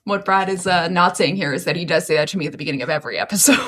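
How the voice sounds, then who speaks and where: A woman's voice: on the low side, quick pace, a bit bright. A woman from Los Angeles co-hosting a podcast, chatting casually with many "like"s, laughing and swearing easily. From Los Angeles, USA. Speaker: podcast co-host. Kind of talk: casual chat.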